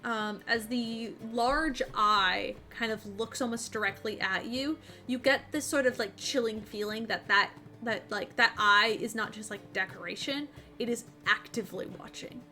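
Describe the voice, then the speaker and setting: Woman running a tabletop game, lots of ums, bright voice, some faint music in the back. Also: a little high, normal speed, hardly any pauses. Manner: hesitant, many ums, building suspense. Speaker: game master.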